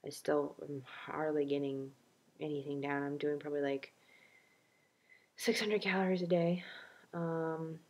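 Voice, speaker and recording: A woman's voice: deep voice, darkish tone. A young adult woman talking in a casual video diary, chatty and self-mocking, with lots of fillers. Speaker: vlogger.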